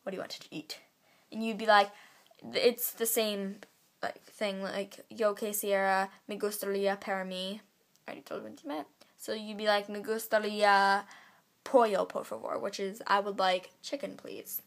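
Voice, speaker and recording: A teenage girl vlogging at home into her camera's built-in mic, chatty and full of fillers, drawing her phrases out slowly. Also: medium pitch, flat delivery. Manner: chatty, filler-heavy, drawn-out slow phrasing. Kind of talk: casual vlog, teaching basic Spanish phrases. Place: home, indoors.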